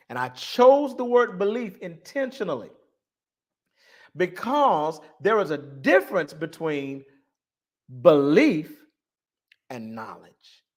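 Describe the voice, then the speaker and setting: Man preaching with a lively, rising voice. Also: sits high. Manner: preaching cadence, stressing words, repeating lines. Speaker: online talk host. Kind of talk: live-stream monologue on religion.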